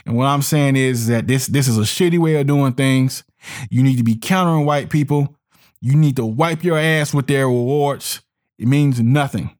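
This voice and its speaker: A man's voice: mid-range voice, moderate pace, a little mellow. A man delivering a heated monologue, emphatic and repetitive, often restarting his words and slipping into sneering mock voices. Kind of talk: ranting monologue commentary.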